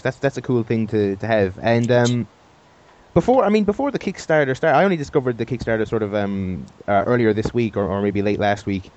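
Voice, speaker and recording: A man's voice: medium pitch, brisk, a little mellow, dull audio. A man hosting an interview, enthusiastic and stumbling over his restarts as he asks questions. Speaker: interviewer, radio host. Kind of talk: casual interview chat.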